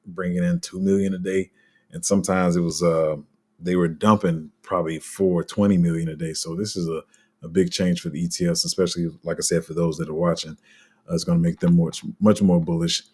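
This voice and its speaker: A man with a deep, warm, husky voice hosts a crypto channel, giving casual unscripted commentary to viewers. He talks in a loose, rambling way, with many fillers and restarts.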